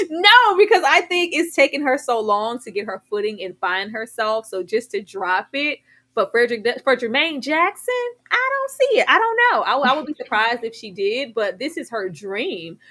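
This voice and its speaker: Sassy animated woman recapping TV. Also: fairly high pitch, moderate pace. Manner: animated, sassy, acts out characters' lines. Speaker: podcast co-host. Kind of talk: casual TV recap chat.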